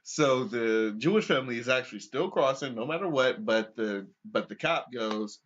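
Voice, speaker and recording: A man's voice: medium pitch, moderate pace, hardly any pauses. A man co-hosting a podcast who tells a story casually, swears freely and laughs often. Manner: animated, profane, laughs often. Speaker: podcast co-host. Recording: dull lo-fi recording.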